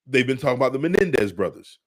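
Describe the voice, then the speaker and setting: Animated man co-hosting a podcast. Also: medium pitch, fast talker. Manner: animated, repeats himself, laughs often. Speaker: podcast co-host. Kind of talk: casual chat.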